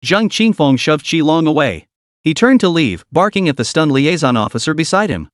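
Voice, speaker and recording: A man's voice: fairly high pitch, sing-song, normal speed, dry recording, studio quality. Man narrating a dramatic story.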